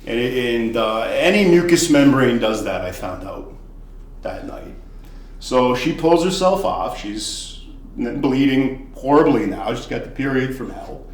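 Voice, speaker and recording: Animated male storyteller, lively profane delivery, roomy echo; casual comic podcast tale. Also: medium pitch, a little slow. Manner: animated, profane, swings between loud and hushed. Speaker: podcast storyteller, former bartender. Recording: echoey room.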